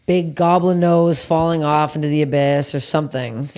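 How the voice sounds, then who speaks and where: A woman's voice: deep voice, steady tone, a little mellow. Wry woman hosting a podcast. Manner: wry, quick teasing banter. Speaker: podcast host. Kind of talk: casual chat.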